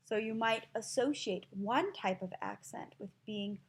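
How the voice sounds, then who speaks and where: A woman from Utah teaching a classroom listening lesson in a slow, clear, explanatory manner. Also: mid-range voice.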